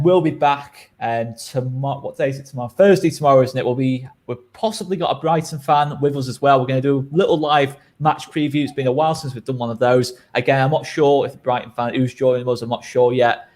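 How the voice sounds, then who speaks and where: A man's voice: mid-range voice, fairly quick, a little mellow. A man hosting a casual football fan chat, bantering and laughing in an exasperated way. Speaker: host.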